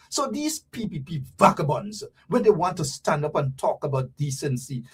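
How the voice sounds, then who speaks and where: A man with a Guyanese accent hosting a fiery political talk show, shouting, mocking and repeating himself for effect. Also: very high voice, far from the mic. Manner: animated, shouting, mocking, repetitive.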